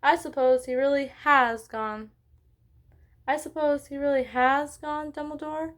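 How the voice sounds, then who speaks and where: A woman's voice: fairly high pitch, lively intonation, measured pace. A woman reading aloud and voicing a stern, impatient older female professor who talks in a clipped, exasperated way.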